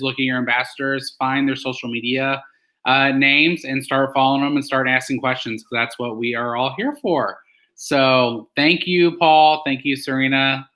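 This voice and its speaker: Male livestream host, encouraging, bright forceful tone. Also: mid-range voice, poor audio. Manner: upbeat, encouraging. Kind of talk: live stream interview.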